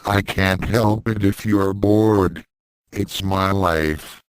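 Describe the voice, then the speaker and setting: A man's voice: low-pitched, steady tone, very slow, slight background noise, rough recording. A man reading fan fiction aloud and voicing a hot-tempered young fighter with a defensive, frustrated manner. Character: young martial artist boy, guilty and hot-tempered.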